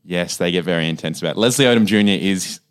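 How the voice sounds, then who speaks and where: A man's voice: fast, music in the background. A man co-hosting a podcast in casual chat, laughing often. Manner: laughs often, lively jumps in pitch. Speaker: podcast co-host.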